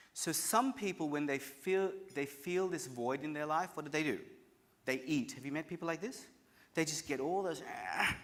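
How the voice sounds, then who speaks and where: A man giving an energetic motivational talk to a live audience, often asking them questions. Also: a little high. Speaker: motivational speaker.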